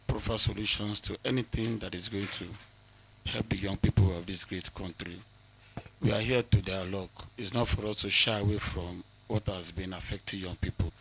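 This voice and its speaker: Gravelly, deep-voiced Nigerian man. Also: fairly bright tone, slight background noise, poor audio. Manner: earnest, exhorting, with frequent hesitations. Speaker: forum speaker. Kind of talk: formal address at a forum.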